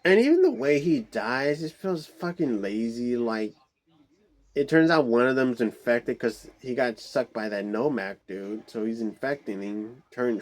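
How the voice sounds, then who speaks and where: A man giving a casual, rambling movie review, swearing a lot, with many fillers and restarts and exasperated outbursts. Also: mid-range voice.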